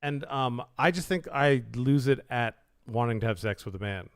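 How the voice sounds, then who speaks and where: A man hosting a podcast, telling stories in an animated, self-mocking way. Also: medium pitch, moderate pace, clean tone. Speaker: podcast host. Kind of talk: casual conversational chat.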